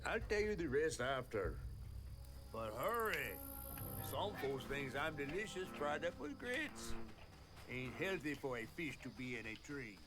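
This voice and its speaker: A drawling Southern catfish. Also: male voice, on the high side, very animated, unhurried. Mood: urging. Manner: drawling, folksy, patient explainer. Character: folksy old male catfish stuck in a tree. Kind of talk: video game voice acting. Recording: game audio with music.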